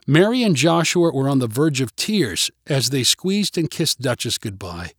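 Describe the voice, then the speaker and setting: A man narrating a storybook in an expressive, even-paced way. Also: medium pitch, normal speed, slightly rough, no room sound, clean studio sound. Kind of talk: storybook reading.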